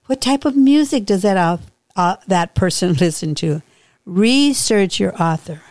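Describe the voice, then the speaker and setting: A woman podcast host and author reading her own novel aloud in a slow, unhurried storytelling manner. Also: medium pitch, expressive, darkish tone, dry recording.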